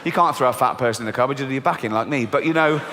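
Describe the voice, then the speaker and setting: A middle-aged man with an English accent doing a stand-up comedy set, swearing and mocking, acting out voices with big jumps in pitch. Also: rapid-fire, pushed and bright, slight background noise. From England. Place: large theatre stage before a laughing audience. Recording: live hall with long reverb.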